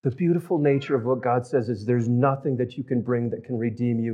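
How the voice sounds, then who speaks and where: A male pastor preaching, his voice rising loud on key phrases and dropping to a hush on tender ones. His pitch sits mid-range. He talks in a storytelling way and drifts off the mic now and then. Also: steady tone, a little fast, hardly any pauses, husky. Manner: storytelling with big swings from loud to hushed. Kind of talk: sermon.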